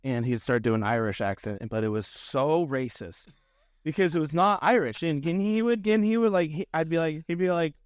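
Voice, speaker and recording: Rambling, self-deprecating middle-aged comedian. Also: male voice, a little high, lively intonation, moderate pace, smooth, no room sound, studio quality. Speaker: guest comedian. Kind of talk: casual podcast chat.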